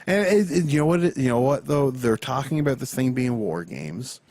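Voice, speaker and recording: A man co-hosting a podcast, chatting about wrestling with animated, swearing, repetitive restarts. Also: mid-range voice, a little fast. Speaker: podcast co-host. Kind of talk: casual wrestling chat.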